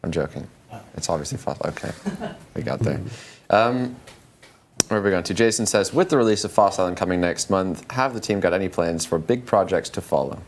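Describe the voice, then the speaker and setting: A man with a deep voice hosts a live stream. He reads viewer questions aloud and chats in a loose, joking, easygoing way. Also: animated, brisk, a little hiss or hum. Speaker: stream host reading questions.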